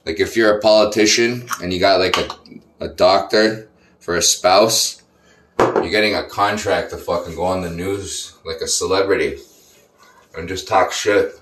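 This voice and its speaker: A man's voice: deep voice, steady tone, moderate pace, fairly bright tone, slight background noise. A man in his thirties ranting casually in a profane, rambling, sarcastic way. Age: 30s. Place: room in an apartment complex. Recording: echoey room.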